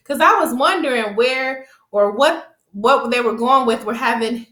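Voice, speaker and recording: A woman's voice: on the high side, unhurried. Chatty woman recapping in an echoey room. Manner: chatty and rambling, laughs often, animated quoting. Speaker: TV episode recap vlogger. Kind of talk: casual episode recap.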